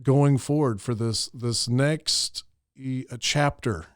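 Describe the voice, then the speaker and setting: A man's voice: medium pitch, slow pace, no room sound, studio quality. A man hosting a podcast interview, enthusiastic and eager to sum up and connect his guest's ideas. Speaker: podcast host. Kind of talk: casual interview talk.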